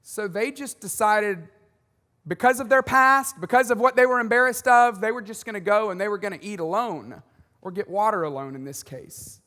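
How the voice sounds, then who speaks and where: A man with a high voice delivers a sermon in a lively, conversational way, tossing in quick jokes and asides. His voice carries the long reverb of a large church auditorium. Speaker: pastor.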